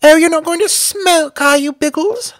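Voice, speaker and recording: A man doing a shrill, prissy young co-pilot. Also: normal speed, fairly bright tone, dry recording, clean studio sound. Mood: teasing. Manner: teasing, prissy. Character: fussy young male co-pilot, teasing.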